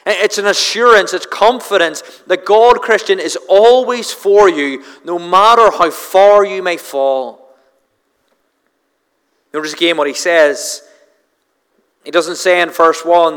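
A man preaching an evening sermon in a church, his voice sitting a little high for a man. He speaks earnestly and emphatically, hammering home repeated refrains. A long reverb from the hall trails after his words. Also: slow, a bit bright, smooth.

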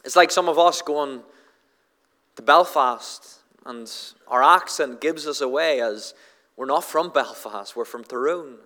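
A man's voice: medium pitch, unhurried, bright, forceful tone. A man with a Northern Irish accent preaching a sermon, often stumbling over repeated words as he starts a sentence and acting out the quoted lines. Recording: long hall reverb.

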